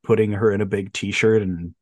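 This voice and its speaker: A man hosting a podcast in casual chat, animated, laughing often and briefly mimicking voices. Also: lowish voice, normal speed, no room sound. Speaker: podcast host.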